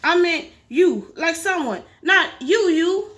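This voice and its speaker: A woman voicing a nervous boy satyr who is half goat, talking quickly and defensively and breaking into bleats. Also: very high voice, animated, fairly bright tone, pitched above the performer's own voice, heavily acted. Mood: flustered.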